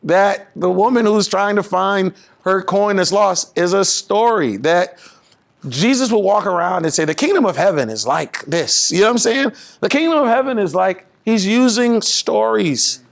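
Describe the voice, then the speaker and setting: Gravelly, emphatic preaching man. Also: lively intonation, normal speed. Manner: emphatic, rises in pitch and volume to drive points home. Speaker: pastor and guest speaker. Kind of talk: animated preaching-style conversation.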